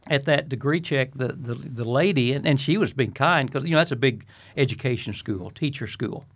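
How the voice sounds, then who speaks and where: A man's voice: medium pitch, moderate pace. An older man, a retired pastor, talking earnestly in a preacherly way as an interview guest. He often repeats his first words before finishing a thought. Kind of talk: reflective interview talk.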